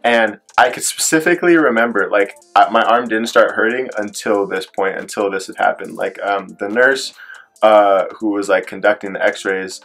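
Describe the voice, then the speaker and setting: A young man with a fairly low voice tells a story to camera in a loose, rambling way, packing his sentences with filler words. He acts out the voices of people in his story as he goes, and faint music plays behind him. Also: normal speed, a bit bright. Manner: rambling retelling, heavy on filler "like". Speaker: vlogger. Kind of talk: storytime vlog.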